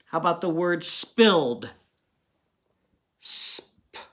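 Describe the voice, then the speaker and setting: A man's voice: fairly high pitch, lively intonation, slow pace, fairly bright tone. A man teaching a recorded early-grade phonics review, patiently talking to young children and checking in with frequent questions.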